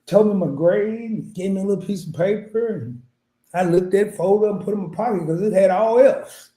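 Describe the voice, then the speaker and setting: Man, high voice, laughing rambling storyteller, echoey room. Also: normal speed, dark tone. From small-town Arkansas. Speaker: podcast guest. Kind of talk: casual storytelling chat.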